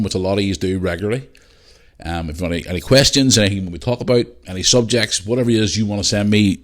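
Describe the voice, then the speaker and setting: A man hosting his own podcast in a loose, chatty way, swearing freely as he talks to listeners. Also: deep voice. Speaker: podcast host. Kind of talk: casual solo podcast chat.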